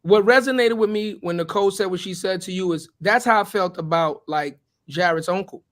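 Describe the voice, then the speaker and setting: A man with a raspy voice co-hosting a podcast, speaking earnestly in casual chat, driving his points home. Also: high-pitched, a little fast, fairly bright tone. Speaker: podcast co-host.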